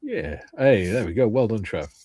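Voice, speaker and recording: A man's voice: lowish voice, animated, normal speed, darkish tone, breathy edge, dry recording. An older man hosting a casual livestream, joking as he reads out viewers' comments. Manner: jokey, reads out chat comments. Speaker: livestream host.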